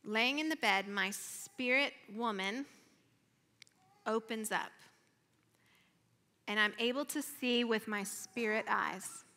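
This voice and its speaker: In a church sanctuary, a woman shares her personal testimony during a sermon, earnest and emotional, sometimes sinking to a near-whisper. Her fairly high voice is slow and sharp in tone, with frequent pauses and a long reverb tail.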